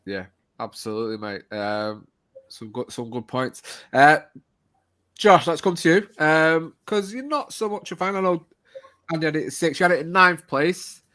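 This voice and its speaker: A man hosting a casual podcast chat, relaxed and chatty as he brings in each guest. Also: on the high side, normal speed. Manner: relaxed, chatty, asks others in turn. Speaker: host.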